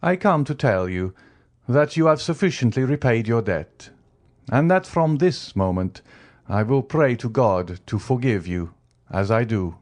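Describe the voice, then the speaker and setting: A man voicing a cold, vengeful man returned from prison, speaking in a measured, solemn way. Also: mid-range voice, lively intonation, darkish tone, pitched above the performer's own voice, natural voice. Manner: measured, solemn, slow delivery.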